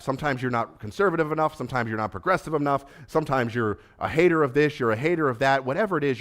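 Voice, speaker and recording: A man preaching a sermon as pastor, conversational and earnest, building to emphatic repeated lines. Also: mid-range voice. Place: church sanctuary.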